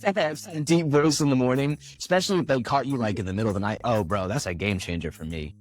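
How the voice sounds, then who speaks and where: A man's voice: medium pitch, fast, soft background music. A young adult man, a voice actor, chatting loosely in an interview and filling his talk with "like" and "you know". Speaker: voice actor guest. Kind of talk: casual interview chat.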